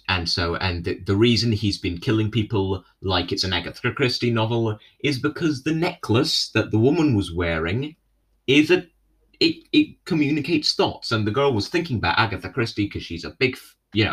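A young man with a fairly low voice recaps a TV episode in a loose, rambling way. He leans on fillers and tacks on a questioning "right?" as he goes. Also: a bit bright. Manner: rambling, filler-heavy, keeps asking "right?". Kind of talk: casual retelling of a TV episode.

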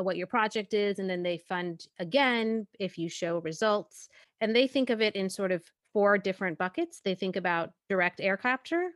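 A woman's voice: mid-range voice, dry recording, clean studio sound. A woman hosting a podcast, chatting casually and thinking aloud as she talks, often restarting words. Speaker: podcast host. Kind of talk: casual conversational interview.

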